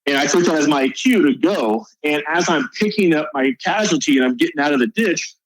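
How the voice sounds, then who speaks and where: A man's voice: a little high, expressive, a little fast, poor audio. A male soldier guest on a podcast, telling a combat story in a casual, profane way.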